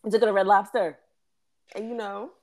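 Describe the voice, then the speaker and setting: A woman's voice: medium pitch, fairly even intonation, brisk, darkish tone. A woman co-hosting a casual podcast recap who talks animatedly, acts out quoted lines and laughs often. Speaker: podcast co-host.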